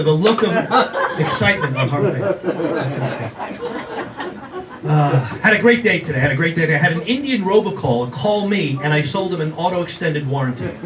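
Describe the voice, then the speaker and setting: Older guy doing standup, kinda high voice, lots of crowd asides, far off mic and noisy. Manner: wisecracking, self-deprecating, quick asides to the crowd. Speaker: stand-up comedian. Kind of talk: stand-up comedy set. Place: comedy venue with a live audience. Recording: distant room sound with noticeable background noise.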